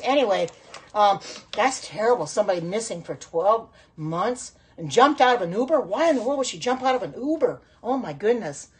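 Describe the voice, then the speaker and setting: Chatting while she cooks, a middle-aged woman runs a casual livestream from her phone in her home kitchen, exclaiming a lot and answering viewer comments out loud. Her mid-range voice is a little mellow with a slight roughness.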